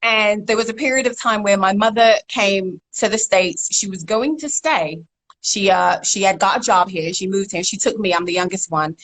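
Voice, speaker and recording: A woman in her forties from South London with a South London accent, a guest in a casual interview chat over a video call, telling stories in a lively way, laughing often and repeating words. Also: medium pitch, normal speed, low-quality recording. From South London, England. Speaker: interview guest, rap pioneer.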